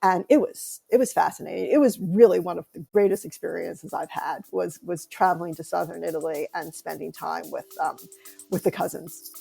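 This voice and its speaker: An American woman author, a guest on an interview podcast, telling lively anecdotes in conversation. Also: on the low side, moderate pace, creaky, slightly rough, soft background music. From United States.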